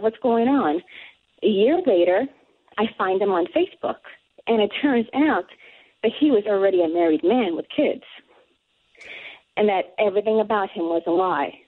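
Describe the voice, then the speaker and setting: A woman calling in to a radio show and telling a story with excited, breathless energy. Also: medium pitch, breathy edge. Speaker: caller. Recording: tinny phone line.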